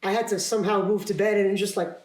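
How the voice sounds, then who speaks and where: A man's voice: high-pitched, steady tone, fast talker. A young man, a podcast guest and actor, talking casually in a rambling, self-deprecating way, laughing often and restarting his sentences. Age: young adult. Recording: roomy echo.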